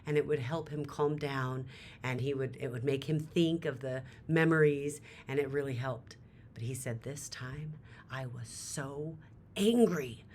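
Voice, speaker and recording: Woman w a really low voice doing a motivational talk, dramatic, faint rumble behind. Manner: dramatic and emphatic, voice rising sharply at emotional peaks. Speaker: motivational speaker. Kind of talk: motivational storytelling.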